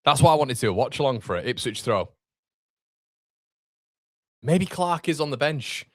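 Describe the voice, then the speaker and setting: A man's voice: mid-range voice, expressive, normal speed, no room sound, clean studio sound. A young man with a Yorkshire accent hosting a live football watchalong, reading viewer comments aloud and bantering casually. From Northern England.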